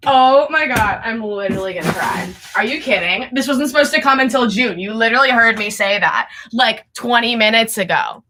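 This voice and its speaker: A young woman hosting a casual livestream from home, chatty and excitable, breaking into giggles often. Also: fairly high pitch, brisk, few pauses. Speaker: livestream host. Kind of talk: casual live chat.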